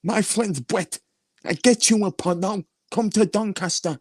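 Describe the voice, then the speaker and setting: A man putting on a whiny, high, mocking voice to imitate a male rival. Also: no echo, clean studio sound. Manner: squeaky, mocking, drawn-out.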